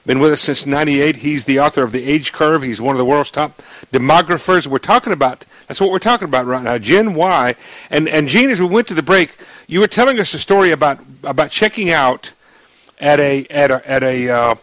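A man's voice: on the high side, fairly quick, fairly bright tone, dry recording, rough recording. A man hosting a radio talk show, chatty and folksy, laughing easily with his guest.

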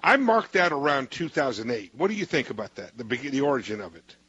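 A man's voice: mid-range voice, very animated, fast, fairly bright tone, breathy edge, dry recording, dull audio. A male host interviewing a guest, rambling with many restarts and cutting in. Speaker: show host.

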